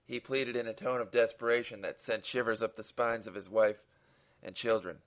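A man's voice: on the low side, fairly even intonation, normal speed. A man who hosts a podcast reads his own short story aloud, in an earnest, dramatic manner with a few small restarts.

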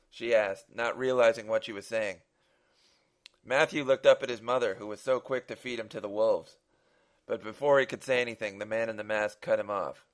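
A man's voice: lowish voice, steady tone, normal speed. A man who hosts a podcast reads his own short story aloud, in an earnest, dramatic manner with a few small restarts.

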